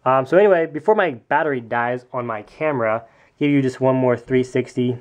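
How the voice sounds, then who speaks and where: A man's voice: mid-range voice, moderate pace, lo-fi sound. A young man walking through his custom toy figure in a casual show-and-tell vlog, chatty, with many ums and small self-corrections.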